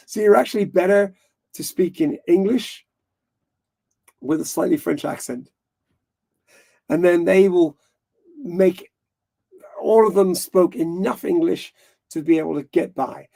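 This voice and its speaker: A man's voice: high-pitched, normal speed, gravelly, long pauses, dark tone, breathy edge. A man hosting a live stream, chatting casually in a rambling way, often correcting himself and laughing. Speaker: livestream host.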